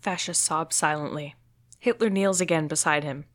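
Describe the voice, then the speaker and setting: A woman's voice: low-pitched, normal speed. A woman reading stage directions aloud in a plain, matter-of-fact way.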